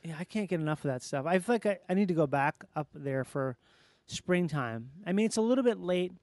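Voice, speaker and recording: Animated, jokey man chatting. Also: on the high side, fairly quick, no echo. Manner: animated, jokey, swears freely. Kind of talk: casual chat.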